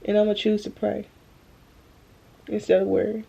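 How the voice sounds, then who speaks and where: Drained young woman, gravelly voice. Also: mid-range voice, little pitch movement, warm tone. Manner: earnest, slow and halting, addresses viewers as y'all. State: drained, holding back tears. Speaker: vlogger. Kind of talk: emotional faith-filled vlog talk. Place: at home, bedroom. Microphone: phone camera.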